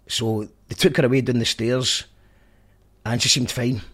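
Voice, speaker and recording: A man's voice: mid-range voice, level tone, normal speed, fairly bright tone, husky. A Scottish man hosting a podcast, chatting casually in a rambling, jokey way. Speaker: podcast host. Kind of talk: casual monologue recap.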